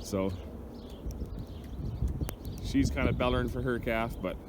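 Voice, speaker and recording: A cattle rancher chats casually while doing chores outdoors on a snowy ranch, a little out of breath, speaking slowly in a mid-range voice. He's chatty and rambling and talks to his dog, with cattle, birds, and other outdoor noise in the background.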